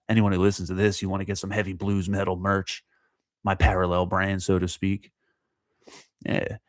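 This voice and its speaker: A man with a very low voice talks loosely and profanely, rambling from one thought to the next and breaking into laughs. The sound is dry and close, with no room around it. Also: no echo. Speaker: podcast host. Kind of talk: casual solo chat.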